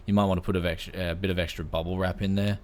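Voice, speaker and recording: Laid-back Aussie host, deep voice, easygoing tech chat full of "man". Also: little pitch movement, fast talker, darkish tone, a little hiss or hum. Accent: Australian. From Australia. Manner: laid-back, says "man" often, many fillers. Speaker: podcast host. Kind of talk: casual tech podcast chat.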